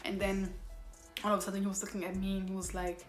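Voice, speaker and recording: A woman's voice: medium pitch, little pitch movement, fast, reverberant, soft background music. A young woman vlogger telling a casual storytime, rambling and using a lot of fillers. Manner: rambling retelling, filler-heavy with constant "like".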